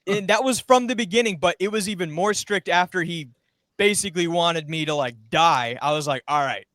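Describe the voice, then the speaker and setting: A man's voice: high-pitched, brisk, fairly bright tone, dry recording. A young man and former podcast intern, telling a rambling story in casual chat and acting out quoted lines.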